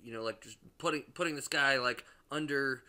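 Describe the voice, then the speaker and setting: A young man rambles through a casual movie review, swearing freely and tripping over restarts and fillers. His voice is very bright, with a smooth, clean tone. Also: medium pitch, a little fast.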